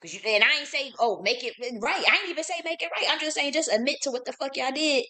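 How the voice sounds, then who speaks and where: A woman's voice: high voice, expressive, fast, bright, forceful tone. A woman hosting a live stream, talking in a casual, profane and emphatic way and breaking off to read verses aloud. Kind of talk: casual livestream monologue. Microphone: streaming setup.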